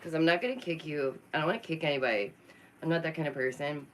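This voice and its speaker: A woman hosting a casual live-stream commentary, expressive and sassy, laughing often. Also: low-pitched, quick pace, slight background noise, low-quality recording. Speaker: YouTube commentary host.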